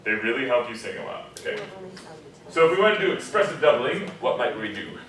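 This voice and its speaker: A man teaching a diction class. He explains patiently, keeps checking in with "okay?" and "right?", and slowly chants example lines. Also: medium pitch, big pitch swings, crowd noise. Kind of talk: classroom lesson. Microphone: far room recorder. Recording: echoey classroom from far off, class murmur.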